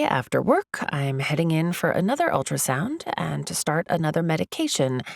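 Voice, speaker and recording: A woman narrating a first-person romantic comedy audiobook in an expressive, comic, confiding way. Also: deep voice, vocal fry, no echo, studio quality.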